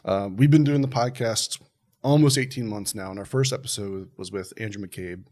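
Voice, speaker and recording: A man hosting a podcast, talking in a relaxed, easygoing way with plenty of fillers. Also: lowish voice, moderate pace. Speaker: podcast host. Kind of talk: casual conversation.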